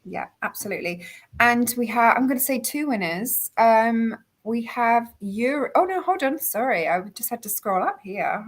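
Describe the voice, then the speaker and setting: A woman hosting a live online quiz, reading out questions and viewer comments in an upbeat way. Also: mid-range voice. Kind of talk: casual live-stream chat.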